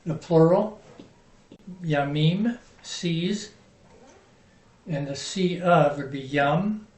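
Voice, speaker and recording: A man's voice: a little high, a little mellow. A man teaching a Hebrew vocabulary lesson, patiently giving each word, its meaning and where the stress falls. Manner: slow, patient, spells out words and stresses. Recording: roomy sound from a distant mic.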